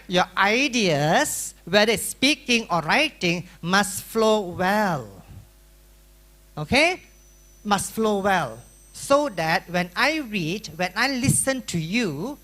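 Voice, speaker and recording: A woman with a Malaysian English accent lecturing a room of students, lively and playful, acting out chatter with sound effects and repeated syllables. Her voice is bright and forceful, with a middle pitch. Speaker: workshop speaker for exam preparation. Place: school hall.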